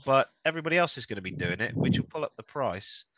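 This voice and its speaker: Lively, bright-voiced male podcast co-host. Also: medium pitch, fast, dry recording. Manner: chatty, jokey, rambling with restarts. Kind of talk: casual chat.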